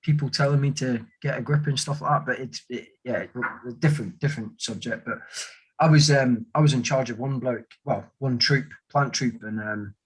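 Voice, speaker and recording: A man's voice: mid-range voice, moderate pace, breathy edge, low-quality recording. A man, an army veteran, telling rambling stories in a casual conversation and acting out the voices of the people he quotes. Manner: rambling storyteller who acts out quoted voices.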